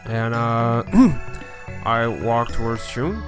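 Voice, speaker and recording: A man plays in a tabletop game, hesitant in his speech and laughing often. He talks very slowly, and soft music plays faintly in the background. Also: medium pitch, lively intonation. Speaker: player. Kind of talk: casual chat.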